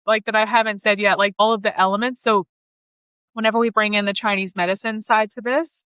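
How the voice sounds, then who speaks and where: A woman's voice: mid-range voice, fairly even intonation, a little fast, a bit bright, clean tone, dry recording. Enthusiastic woman astrologer, dry sound. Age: 30s. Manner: enthusiastic, flowing, spiritual wording. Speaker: astrologer and podcast host. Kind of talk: casual spiritual conversation.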